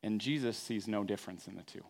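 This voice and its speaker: A man's voice: fairly low pitch, fast, creaky, a little mellow. A man, a pastor, preaching a sermon in a conversational storytelling way with wry everyday asides.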